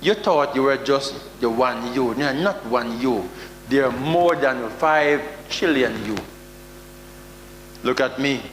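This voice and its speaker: A man with a Jamaican accent preaching a sermon, with sudden loud outbursts and mock prayers. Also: mid-range voice, takes it slowly. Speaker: prophet preaching. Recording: echoey hall with faint hum.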